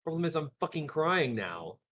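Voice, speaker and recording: A man's voice: a little high, sing-song, normal speed, fairly bright tone. Young man, casual livestream cooking chat, slangy, swearing, home kitchen. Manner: rambling slangy chatter, swears, trails off mid-sentence. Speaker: streamer. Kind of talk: casual live-stream chat while cooking.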